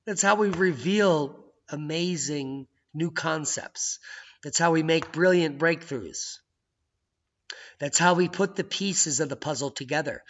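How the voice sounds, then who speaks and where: A man hosting his own video channel, talking in an excitable, jokey way that swings from loud outbursts to hushed asides. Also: a little high. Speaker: channel host. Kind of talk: casual video commentary. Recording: dull lo-fi sound.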